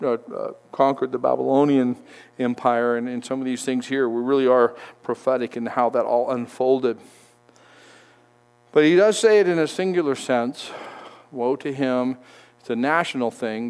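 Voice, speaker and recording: A man's voice: medium pitch, a little mellow, clear, resonant tone. A man giving a conversational sermon, reading verses aloud and explaining them with frequent restarts. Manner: conversational, halting, with restarts while reading scripture. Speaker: Bible teacher.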